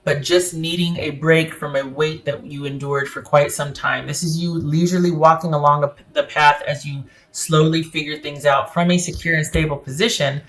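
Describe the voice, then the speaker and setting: A woman's voice: low-pitched, fairly even intonation, moderate pace, hardly any pauses. A woman giving a casual tarot reading to camera, emphatic and opinionated as she speaks straight to the viewer. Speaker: tarot reader.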